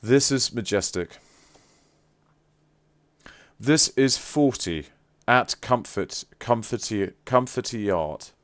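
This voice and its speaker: A man's voice: mid-range voice, lively intonation, slow pace, long pauses. A man chatting casually on a live stream, effusive and playfully teasing. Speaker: livestreamer.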